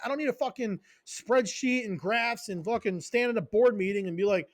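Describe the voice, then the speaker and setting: Fired-up, cursing high-voiced man. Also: fairly quick, few pauses, no room sound, studio quality. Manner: profane, fired-up, goes on tangents; emphatic repeated short phrases. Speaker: podcast host and strength coach. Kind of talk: casual podcast rant.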